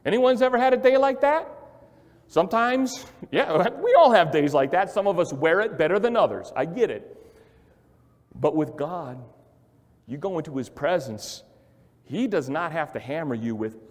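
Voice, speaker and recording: High, animated male preacher in a hall. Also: normal speed. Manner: emphatic, repetitive, swells from quiet to loud. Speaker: pastor. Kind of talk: sermon. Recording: long hall reverb.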